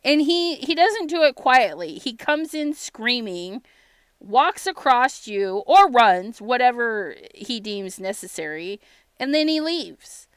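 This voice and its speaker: A woman's voice: fairly high pitch, sing-song, takes it slowly, clear, resonant tone, no room sound. A woman hosting a casual crafting livestream, telling stories with lots of laughs, acting out little quotes and greeting viewers. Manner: chatty storyteller who laughs often and acts out little quotes; gives shout-outs to viewers while crafting. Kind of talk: casual live-stream chat.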